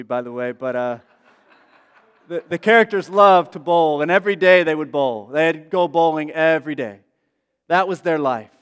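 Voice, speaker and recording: A man's voice: a little high, fairly bright tone, clear, resonant tone. A man preaching a casual, conversational sermon as a pastor, full of asides and fillers. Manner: chatty, many asides and fillers. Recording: long reverb of a large hall.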